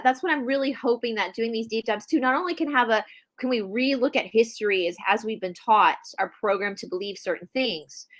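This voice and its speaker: Emphatic bright-voiced woman co-host. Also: medium pitch. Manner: emphatic, animated, repeats herself for stress. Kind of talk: casual spiritual discussion.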